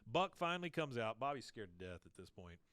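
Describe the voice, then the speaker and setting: A man's voice: mid-range voice, quick pace, clear, resonant tone, no room sound. A man co-hosting a podcast, casually recapping a cartoon episode and acting out lines as he goes. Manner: animated storytelling, acts out lines. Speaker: podcast co-host.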